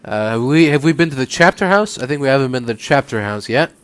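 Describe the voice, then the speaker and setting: A man casually commenting on a game he is playing, relaxed and rambling. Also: medium pitch, fast talker, clean tone. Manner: relaxed, rambling with fillers and restarts. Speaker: let's play host.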